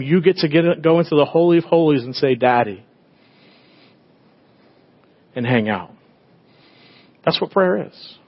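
A middle-aged man, a pastor, preaching a conversational sermon, swinging between loud bursts and hushed tender moments. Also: fairly high pitch, breathy edge, muffled recording.

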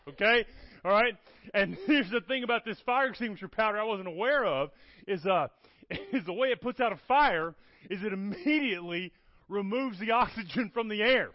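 A man, telling stories in a sermon and often asking "okay? all right?". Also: high voice. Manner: animated, keeps checking in with "okay? all right?". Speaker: guest preacher. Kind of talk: storytelling sermon. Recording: dull lo-fi sound, dry.

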